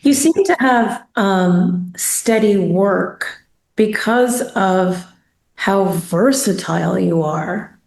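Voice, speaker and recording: Slow-talking woman in an echoey room. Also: mid-range voice, creaky, darkish tone. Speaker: interviewer, former student. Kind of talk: casual interview.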